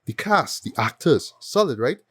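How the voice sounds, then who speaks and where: A man's voice: mid-range voice, normal speed, breathy edge, dry recording. A man hosting a casual film review chat, talking animatedly and often stopping to ask "right?". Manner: animated, repeats words and asks "right?" often. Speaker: film review podcast host.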